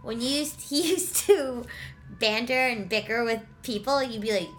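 A woman's voice: a little high, moderate pace. A woman co-hosting a casual podcast chat, playful and teasing, laughing often. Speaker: podcast co-host.

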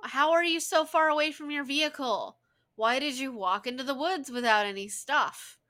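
A woman giving casual, sarcastic running commentary on a film she is watching with a friend. She swears freely and talks in an animated way. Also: high voice, moderate pace. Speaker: co-host reacting to a film.

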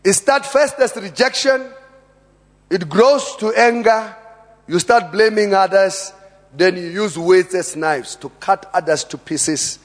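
A South African man preaching a sermon in a large church hall, emphatic, with quiet asides and sudden loud bursts. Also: high voice. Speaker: pastor. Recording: long reverb of a church hall.

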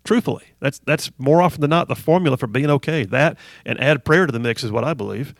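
Gravelly-voiced male talk radio host. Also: medium pitch, fast talker, dry recording, studio quality. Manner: emphatic, repeats phrases for emphasis. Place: radio studio. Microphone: studio microphone.

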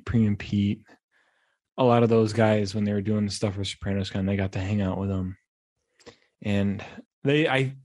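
A young man hosting a podcast, telling casual stories in a rambling, animated way with frequent restarts. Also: on the low side. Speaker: podcast host. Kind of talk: casual monologue.

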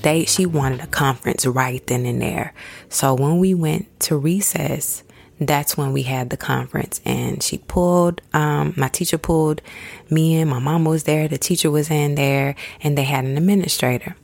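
A woman's voice: sits low, normal speed, gravelly, a little mellow. A woman, telling a personal story in a casual, conversational way and calling her listeners y'all. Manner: conversational, addresses listeners as y'all, acts out quoted voices.

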